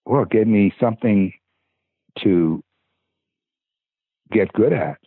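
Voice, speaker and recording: A man's voice: fairly low pitch, takes it slowly, dry recording. An older man, a podcast guest, telling stories casually in a rambling way, stammering and restarting his sentences. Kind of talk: casual storytelling. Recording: husky voice over tinny phone-like line.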